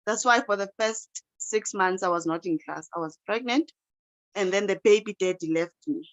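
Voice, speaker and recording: A woman's voice: mid-range voice, normal speed, no echo, pitched below the performer's own voice, natural voice, low-quality recording. A woman voicing a young female student who is a scared single mother, speaking in a subdued, confessional way. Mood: sorrowful.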